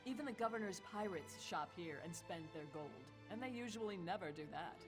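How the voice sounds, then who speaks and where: A woman's voice: medium pitch, expressive, a little fast, natural voice. An actress voicing a proud woman merchant boasting about her blades, in game character dialogue. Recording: game audio over loud music.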